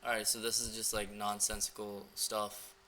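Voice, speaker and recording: Bright-toned, flat young man. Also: fairly low pitch, normal speed, slight background noise. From United States. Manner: loose and filler-heavy, with chuckles. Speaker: dating coach. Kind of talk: casual screen-recording walkthrough.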